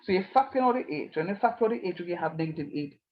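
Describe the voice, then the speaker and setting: A man talks a math class through each step, patient and playful. His voice sits a little high, and the online recording sounds dull and lo-fi. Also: expressive, racing. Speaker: teacher.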